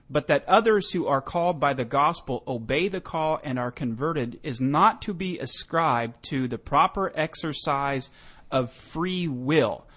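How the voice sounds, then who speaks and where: A man hosting a theological radio show, reading texts aloud and interjecting with quick challenges. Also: mid-range voice, fairly bright tone.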